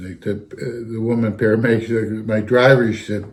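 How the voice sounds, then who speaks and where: Man, old fire captain type, low voice, rambling anecdote teller who keeps coming back with "anyhow". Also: steady tone, fast talker, few pauses. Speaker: retired fire captain telling stories. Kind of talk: casual storytelling.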